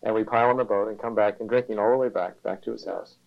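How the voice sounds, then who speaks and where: An older man recalling weekend sailing trips in a casual, halting way. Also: on the low side, steady tone, vocal fry. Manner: halting, hesitant storytelling. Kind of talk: casual reminiscing. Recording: dull lo-fi recording.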